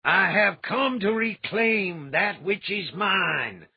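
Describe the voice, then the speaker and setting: A wrathful demon lord wreathed in flame thunders out slow, archaic threats, as a man voices him. The voice is husky and pushed high with rage. It sits in a dry, slightly dull audiobook recording. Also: lively intonation, no room sound, heavily acted. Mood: raging.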